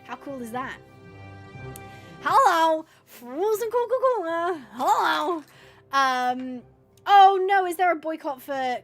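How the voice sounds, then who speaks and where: A woman hosting a gaming livestream from home, chatting casually and bubbly with her viewers as she reads the chat. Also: sits high. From United Kingdom.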